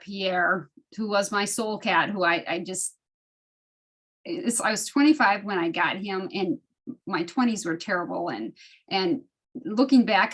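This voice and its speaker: Over a video call, a woman in her fifties shares personal stories with her study group, animated and emotional as she talks casually. Her mid-range voice jumps up as she gets caught up in the telling, and she often restarts her sentences.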